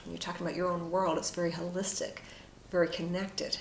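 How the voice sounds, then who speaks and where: Gravelly-voiced woman reading tarot cards. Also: lowish voice, flat delivery, fast talker. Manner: soothing, reflective, many fillers and asides. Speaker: tarot card reader. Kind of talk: casual spoken tarot reading. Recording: echoey room with faint noise.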